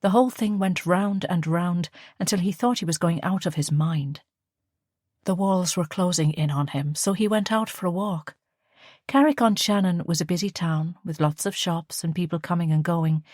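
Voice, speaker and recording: A woman reads a novel aloud at a measured, storytelling pace. Her voice sits low, and the recording is close and dry, with no room around it. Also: a little mellow, no echo. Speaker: audiobook narrator. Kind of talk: scripted narration.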